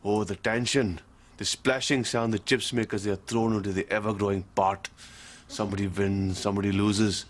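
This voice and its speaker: An actor playing a dry, sarcastic middle-aged shopkeeper in a sitcom, with a Glaswegian accent carrying a South Asian undertone. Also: male voice, lowish voice, normal speed, natural voice. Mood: wry. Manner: deadpan, sarcastic. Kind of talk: sitcom acting.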